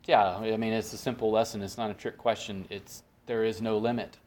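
A man with a somewhat low voice leads a conversational Bible study. He keeps putting questions to his listeners and then answers them himself. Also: little pitch movement, fairly quick, darkish tone. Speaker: Bible teacher.

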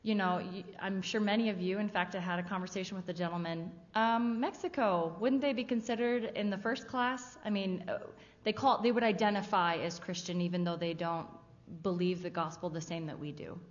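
A woman's voice: medium pitch, a little fast. Woman presenting in a reverberant hall. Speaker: missionary presenter. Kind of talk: church presentation talk. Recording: dull sound with long hall reverb.

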